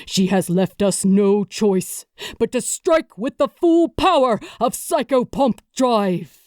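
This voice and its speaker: A woman's voice: medium pitch, lively intonation, takes it slowly, a little mellow, no echo, clean studio sound. A woman reading an audiobook, voicing a grieving male warrior king giving an urgent, rallying speech to his army. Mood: grave resolve.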